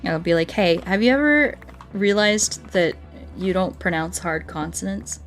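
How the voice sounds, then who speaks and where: An American woman streams a game and chats casually and playfully, laughing often and talking to her chat and her animals. Her voice is lowish with lively intonation and a measured pace, and faint music plays behind her.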